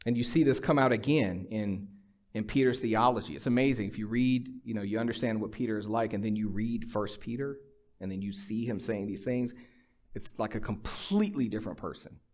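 A man's voice: fairly low pitch, a little fast, a little mellow. Emphatic middle-aged male preacher. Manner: conversational, emphatic preaching with storytelling and dry humor. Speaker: pastor. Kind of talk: sermon.

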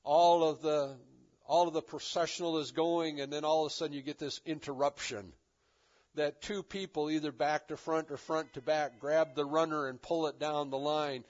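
A man's voice: on the high side, fairly even intonation, moderate pace, a little mellow. A man preaches with a slightly raised voice, teaching from the pulpit in an easygoing, conversational way. His words are often loosened by casual fillers and restarts. The recording sounds dull and a bit lo-fi. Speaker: pastor. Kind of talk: expository sermon.

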